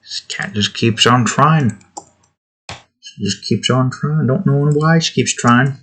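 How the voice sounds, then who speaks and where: A man's voice: mid-range voice, slow, a bit bright. A man talking casually to himself while drawing digital art, muttering about his work and snapping at his cat. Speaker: artist drawing on stream.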